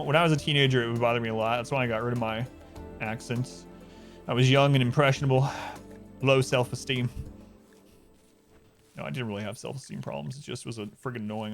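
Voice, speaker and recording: Chatty man streaming with faint music behind. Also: mid-range voice. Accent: faint regional American. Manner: chatty, rambling, sarcastic asides. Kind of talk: casual live-stream chat.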